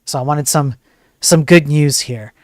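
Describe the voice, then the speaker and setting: A man's voice: a little high, measured pace, no echo, clean studio sound. A man hosting a casual tech news stream, ranting bluntly and joking as he reads the stories. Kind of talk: casual live-stream commentary.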